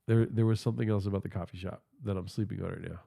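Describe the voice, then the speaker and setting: A man's voice: low voice, fairly even intonation, racing, gravelly, dark tone, slight background noise. A man hosting a podcast livestream, telling stories in a casual, profane and rambling way, talking into a phone held in his hand, with a stuffy nose. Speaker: podcast host.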